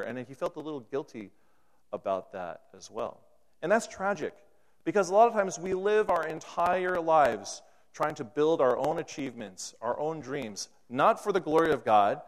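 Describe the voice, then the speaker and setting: Preacher in a reverberant hall. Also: male voice, on the high side. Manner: acts out dialogue in an anecdote, voice rising and falling. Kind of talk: sermon.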